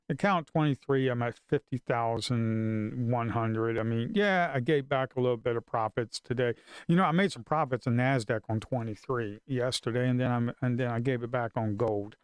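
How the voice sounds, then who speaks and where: A man at his trading desk thinks out loud on a live stream, grumbling and cursing over losing trades. His voice is smooth and clear and sits in an ordinary middle pitch. The recording is dry and close, with no room sound. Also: dry recording. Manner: frustrated, swearing, muttering to himself. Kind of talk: casual live-stream talk.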